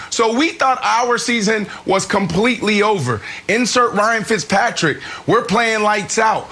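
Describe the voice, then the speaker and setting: A man in his thirties, a former pro football player, telling an animated story on a sports talk show. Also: high-pitched. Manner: animated, fast-talking storyteller. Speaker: former NFL player, analyst.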